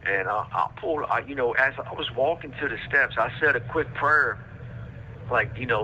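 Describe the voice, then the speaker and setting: A man's voice: medium pitch, normal speed, sharp tone, a little hiss or hum. A man telling a rambling story with lots of fillers and street slang, recorded over a prison phone line. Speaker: podcast host telling his own story.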